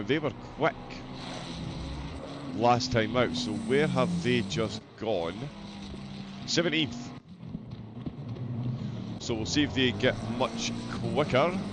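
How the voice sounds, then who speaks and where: Very noisy audio surrounds this mid-range Scottish voice calling a sim race live. The man jokes around and chats, reading viewer messages as they come in.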